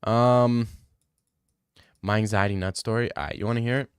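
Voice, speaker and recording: A man's voice: lowish voice, fairly even intonation, moderate pace, clean tone, dry recording, studio quality. A young man chatting casually on a stream, rambling and swearing freely. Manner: loose, rambling and profane.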